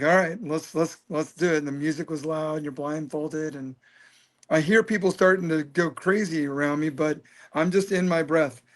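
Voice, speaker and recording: A man in his fifties telling a personal story as an interview guest, earnest and animated. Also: on the high side. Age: 50s.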